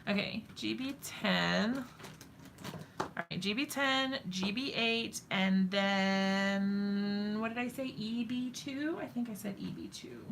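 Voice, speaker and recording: Slow, gravelly-voiced woman crafting live. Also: medium pitch, fairly bright tone, slight background noise. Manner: talks to viewers while working, thinks aloud, self-mocking. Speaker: craft live stream host. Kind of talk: chatty live crafting demo.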